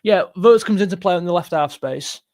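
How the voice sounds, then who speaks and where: A young man talks through his picks on a live stream, quick and opinionated, restarting sentences as he goes. His voice sits a little higher than most men's and is recorded close and dry, with no room sound around it. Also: a little mellow, no room sound. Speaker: football channel host. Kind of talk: live-stream chat reading super chats.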